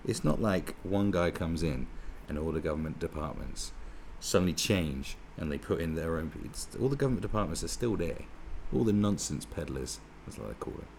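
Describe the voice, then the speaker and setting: A man's voice: rumbling low, animated, brisk, hardly any pauses, darkish tone, slight background noise. A man giving a sweary, sarcastic, rambling political rant with many restarts. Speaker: political commentator. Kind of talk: ranting monologue.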